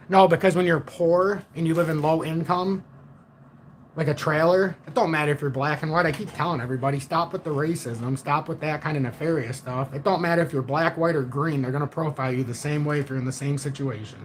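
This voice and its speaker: A man on a casual livestream, telling a story in a blunt, profane and animated way. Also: on the high side, slight background noise. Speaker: livestream host.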